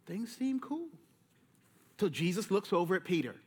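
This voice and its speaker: A man preaching a sermon from a church, telling the story with lively voices and casual slang. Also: high-pitched, normal speed, husky. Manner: lively storytelling, acting out Jesus and disciples in slang. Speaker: pastor. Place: church sanctuary.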